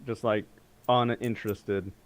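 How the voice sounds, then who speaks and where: A man's voice: on the low side, steady tone, unhurried. A man narrating as game master in a casual tabletop game, laughing often as he goes.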